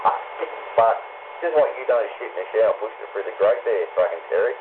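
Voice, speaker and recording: Fast-talking, brash Australian man on CB radio. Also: on the low side, expressive. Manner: brash, swearing constantly, says mate a lot. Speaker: CB radio caller. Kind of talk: casual banter over CB radio. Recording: tinny CB radio with clear hiss.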